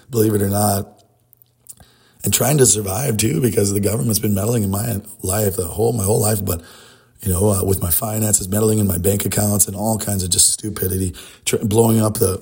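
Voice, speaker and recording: A man's voice: on the low side, a little mellow, slightly rough. A man giving a rambling spiritual monologue, trailing off and restarting his thoughts as he goes.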